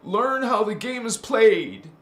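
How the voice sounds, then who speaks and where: A man's voice: high voice, sing-song, takes it slowly, fairly bright tone. A man hosting a spiritual channel, talking casually and playfully, laughing often and calling the listener honey. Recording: roomy echo.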